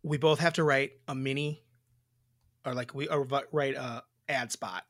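A man co-hosts a podcast in loose, rambling chat, dropping casual swears. His voice has a pushed, bright edge. The sound is dry and close. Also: medium pitch, steady tone, moderate pace, no room sound. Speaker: podcast co-host.

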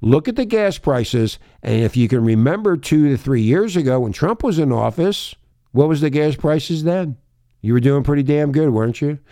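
A man's voice: on the high side, expressive, moderate pace, warm tone, no echo, studio quality. Profane, ranting male talk radio host. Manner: profane, emphatic, confrontational.

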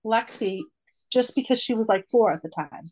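A woman in her forties telling a long personal story in a casual, rambling way, full of fillers and lively quoted asides. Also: on the high side, moderate pace, poor audio. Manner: rambling, many "like" fillers, animated when quoting. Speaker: mother of a nonverbal daughter, guest.

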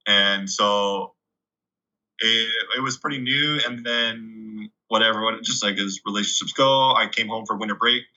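Young man from Canada, guest, chatty storyteller, very bright, lowish voice, dull lo-fi recording. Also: measured pace. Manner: chatty, fillers of 'like', animated retelling. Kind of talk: casual storytelling.

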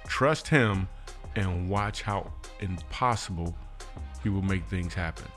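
Man, comedian host, lowish voice, slangy, emphatic storytelling, faint music behind. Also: takes it slowly, fairly bright tone. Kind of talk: storytelling with a preaching close.

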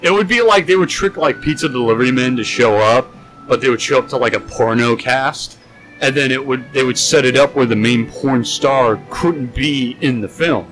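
A young man co-hosting a podcast, casually telling a long story and acting out the quotes in higher voices. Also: normal speed, fairly bright tone, soft background music, low-quality recording. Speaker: podcast co-host. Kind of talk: casual chat.

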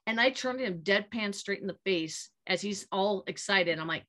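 A woman's voice: medium pitch, moderate pace. A woman in her late thirties co-hosting a podcast in casual chat, telling stories candidly and animatedly. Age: late 30s. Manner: candid, animated storytelling with laughs and profanity. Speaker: podcast co-host.

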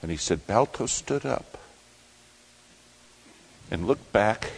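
A man preaching a sermon who tells a dramatic story, acting out the quoted voices and shouting dog commands. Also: on the low side, expressive, slow, gravelly, pauses often.

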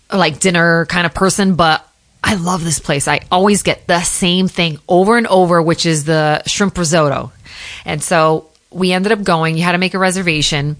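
A woman from the US Northeast hosting a podcast, telling stories in fast, animated casual chat. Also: on the low side. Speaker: podcast host.

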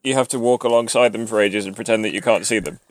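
A man's voice: on the low side, quick pace. A man playing a tabletop role-playing game, chatting in a wry, talkative way. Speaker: player. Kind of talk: tabletop role-play chat.

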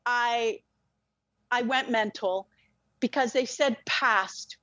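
An intense woman with a high voice speaks frankly, often swearing and restarting her words. The recording is dry and slightly dull, with no room sound. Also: takes it slowly, fairly bright tone, dry recording. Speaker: podcast guest. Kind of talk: emotional personal storytelling.

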